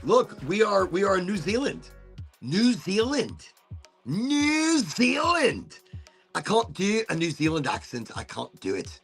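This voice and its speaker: A man's voice: high voice, sing-song, moderate pace, vocal fry, few pauses, a bit bright, slightly rough, faint music behind. A male host running a casual livestream chat show, rambling playfully and swearing freely.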